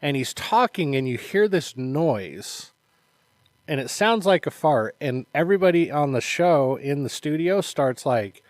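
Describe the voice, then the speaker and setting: Upbeat male co-host, fairly high voice, dry close sound, lively storyteller. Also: a little slow, no room sound. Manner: animated storyteller, acts out quotes, laughs often. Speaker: podcast co-host, martial arts instructor. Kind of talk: casual chat.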